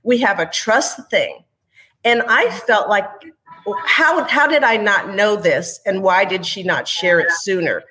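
A woman's voice: mid-range voice, lively intonation, measured pace, a crowd in the background, poor audio. A woman speaking as a mother, sharing her experience in an earnest, reflective, candid way during a panel conversation.

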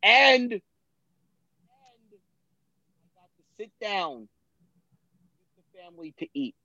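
A man's voice: high-pitched, big pitch swings, slow pace, bright, forceful tone, no echo. A man in casual chat, ranting bluntly and swearing freely about his kids and his cooking. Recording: dull lo-fi, dry.

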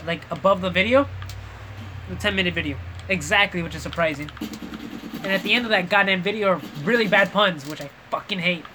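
Bright-voiced, rambling, swearing man. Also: high-pitched, a little fast, a little hiss or hum. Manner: rambling and profane, often searching for words. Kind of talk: casual gaming chat.

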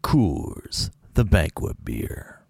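Guy doing a low gravelly beer commercial announcer voice, breathy, dry sound. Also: big pitch swings, drawn-out words, darkish tone, dry recording, heavily acted. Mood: deep announcer.

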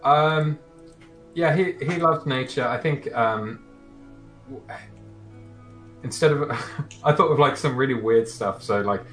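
A man's voice: medium pitch, slow pace, pauses often, a bit bright, soft background music. A man casually describing his tabletop character, hesitant, with many fillers and restarts. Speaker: player.

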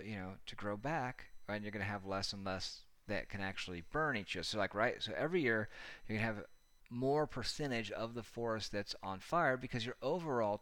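A man's voice: lowish voice, bright, forceful tone. A man hosting a casual commentary monologue, sarcastic, profane and rambling.

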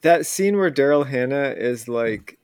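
A man's voice: medium pitch, lively intonation, measured pace, clean tone, no echo, clean studio sound. A man co-hosting a podcast in casual chat, hesitant and thinking aloud with many fillers. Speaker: podcast co-host.

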